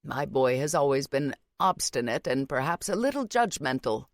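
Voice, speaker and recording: A woman's voice: very deep voice, sing-song, normal speed, dry recording, studio quality, pitched below the performer's own voice, heavily acted. A woman doing a fond, teasing grandmother. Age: over 60. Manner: affectionate, gently teasing. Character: warm, mischievous old grandmother.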